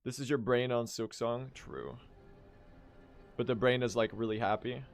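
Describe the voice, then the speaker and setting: A man's voice: medium pitch, fairly even intonation, normal speed. A young man speedrunning on a live stream, casually commentating, swearing and addressing his chat.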